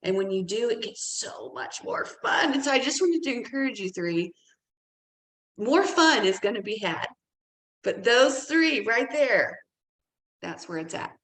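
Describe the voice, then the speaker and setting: A woman on a team call who breaks in to encourage the group, speaking quickly and emphatically. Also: fairly high pitch, very animated, a bit bright. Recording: roomy, echoey call audio.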